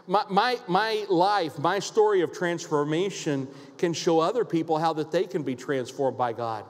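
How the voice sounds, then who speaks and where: A man's voice: fairly high pitch, moderate pace. A man preaching a sermon and telling a personal story, often repeating words as he restarts. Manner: storytelling, quotes others in lively voices, repeats words at restarts. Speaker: pastor. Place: church sanctuary. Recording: long hall reverb.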